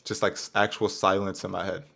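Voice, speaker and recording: A young man co-hosting a podcast, talking in a relaxed, laid-back casual way. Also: deep voice, a little fast, gravelly. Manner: relaxed, laid-back, says "bro" often. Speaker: podcast co-host. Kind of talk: casual chat.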